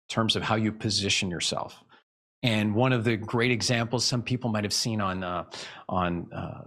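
A man with a fairly low voice talks through speaking tips as a guest in a casual interview. He coaches as he goes, acting out small vocal examples and often restarting his sentences. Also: a bit bright.

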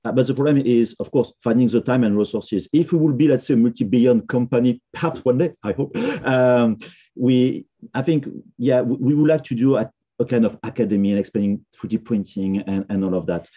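French-accented male podcast guest, husky, halting, slightly dull recording. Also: mid-range voice, warm tone. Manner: hesitant, many fillers and restarts. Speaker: software company founder, podcast guest. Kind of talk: casual podcast conversation.

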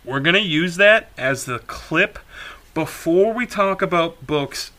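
A man with a bright, fairly high voice chats on his podcast. He talks in lively, bouncing tones, giggles often and swears casually. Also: slow. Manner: giggly, loose and profane. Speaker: podcast co-host. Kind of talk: casual chat.

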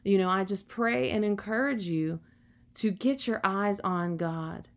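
A woman delivers a sermon in a mid-pitched voice. She speaks earnestly and encouragingly, slipping in "you know" often as she builds her points. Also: a little slow. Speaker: preacher.

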